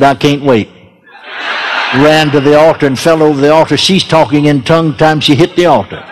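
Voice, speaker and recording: Older guy preaching, kinda high voice, laughs a lot as he tells it, big echoey hall. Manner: chuckling, repeats words, homespun phrasing. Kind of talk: folksy storytelling sermon.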